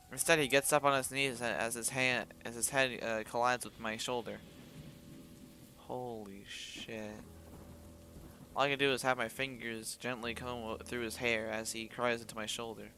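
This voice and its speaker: A man reads a visual novel aloud in the first person, putting feeling into the narration. His voice is an ordinary mid pitch, and he often stumbles and restarts. He breaks off now and then with blunt sworn reactions, while faint music plays behind him. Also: bright, forceful tone. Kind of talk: dramatic first-person story reading with asides.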